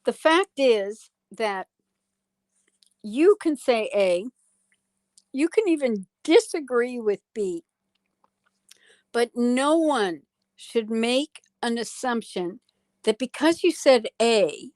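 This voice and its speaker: Lady shrink on a talk show, takes her time, pauses hard on points, kinda high voice. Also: expressive, darkish tone, dry recording. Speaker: guest psychologist. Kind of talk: political talk show conversation.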